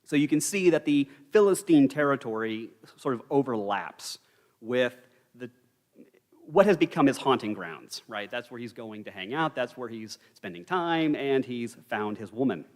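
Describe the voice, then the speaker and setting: A man's voice: medium pitch, animated, moderate pace. A man leading an evening Bible study, teaching in a conversational way with wry asides and dry humor. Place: church hall. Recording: church live stream with long hall reverb.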